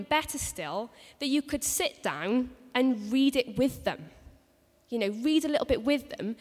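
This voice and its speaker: A woman's voice: fairly high pitch, expressive, measured pace. Earnest woman preaching in a hall. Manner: earnest, storytelling, many restarts. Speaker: speaker at a women's church gathering. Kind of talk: personal-story sermon. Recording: long hall reverb.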